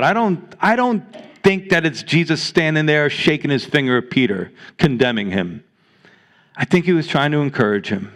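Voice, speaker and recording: A pastor with a New York accent delivers a sermon in a loose, conversational way. His voice sits high for a man, and he often stumbles over and repeats words as he builds each point. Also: lively intonation, moderate pace. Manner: conversational preaching, frequent restarts and repeated words.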